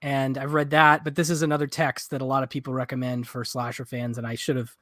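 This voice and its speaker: A man hosting a live stream, chatting in a relaxed, easygoing way and readily agreeing with his guest. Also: mid-range voice, quick pace, no echo, studio quality. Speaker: host. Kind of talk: casual chat.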